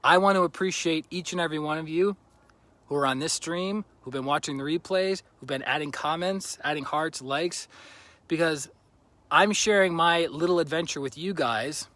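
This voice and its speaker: A man's voice: a little high, moderate pace, bright, forceful tone, no echo. A man livestreaming outdoors by a lake on a handheld phone, chatting and joking with viewers, a little out of breath. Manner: chatty and jokey, greeting viewers by name. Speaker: vlogger livestreaming a road trip. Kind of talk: casual livestream chat.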